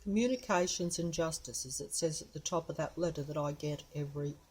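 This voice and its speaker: A woman's voice: low-pitched, a little fast, darkish tone, slightly rough. Chatty woman filming on her street. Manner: chatty, meandering, talks to camera and to her cat. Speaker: vlogger. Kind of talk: rambling handheld phone vlog. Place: outdoors on a residential street.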